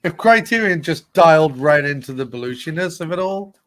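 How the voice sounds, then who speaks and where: A man's voice: fairly high pitch, lively intonation, a little fast, fairly bright tone. A middle-aged man co-hosting a movie podcast, making dry jokes. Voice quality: dry, jokey. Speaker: podcast co-host. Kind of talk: casual movie-watching chat.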